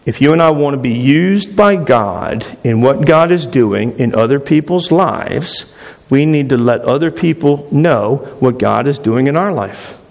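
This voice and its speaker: A man's voice: mid-range voice, expressive, a little slow, darkish tone. A man preaching a sermon as pastor, speaking emphatically and repeating phrases for stress. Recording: long hall reverb.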